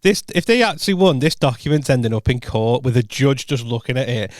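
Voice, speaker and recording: Man telling lively pub-style anecdotes. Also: mid-range voice, fairly quick, no room sound, clean studio sound. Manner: animated anecdotes, acts out quotes, swears freely. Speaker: podcast co-host. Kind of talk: casual chat, storytelling.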